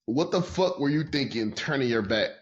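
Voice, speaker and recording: A man co-hosting a casual podcast chat. He talks in an excitable, cursing rush and breaks into laughter often. His voice sits at a middle pitch, and the audio sounds a little dull and lo-fi. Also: normal speed. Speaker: podcast co-host.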